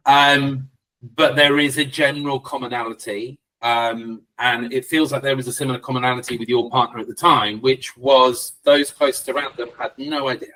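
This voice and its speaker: A man's voice: mid-range voice, steady tone, moderate pace, pushed and bright, recorded from a distance, poor audio. A man hosting a podcast interview, speaking in a thoughtful, reflective way. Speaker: podcast host. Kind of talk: conversational interview.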